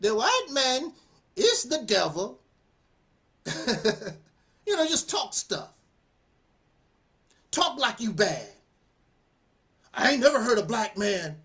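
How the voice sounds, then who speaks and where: A man giving casual spoken commentary as a channel host, animated and preachy, often laughing and repeating phrases. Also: sits high, takes it slowly, long pauses.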